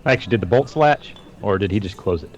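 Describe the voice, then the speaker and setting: Deep-voiced male player. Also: expressive, fast talker, muffled recording. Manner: playful, plans actions out loud. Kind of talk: casual tabletop game play.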